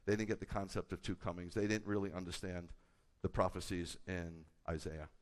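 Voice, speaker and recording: A man, a rabbi, preaching a sermon with a conversational manner and bursts of loud, emphatic delivery. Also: deep voice, a little fast. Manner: animated, rising to loud emphatic peaks. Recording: hall with long reverb.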